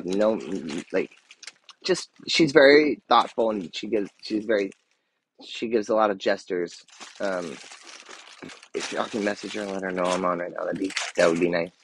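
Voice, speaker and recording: On a casual live stream, a thirtysomething man speaks in a low voice, excitable and gushing, with lots of fillers and restarts and the odd slip into a soft murmur. The audio is poor, with slight background noise.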